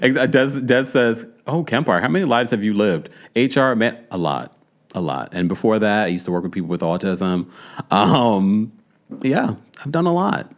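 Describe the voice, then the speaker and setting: A man's voice: on the low side, lively intonation, moderate pace. A man with a Jamaican accent in casual, playful commentary, chatting to viewers with laughs and asides. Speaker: celebrity news commentator. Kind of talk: casual chat.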